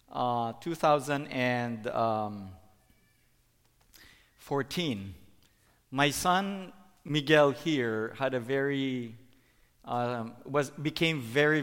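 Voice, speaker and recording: A middle-aged man giving a sermon as a preacher, halting, with many fillers and restarts. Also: mid-range voice, a bit bright, smooth. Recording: long hall reverb.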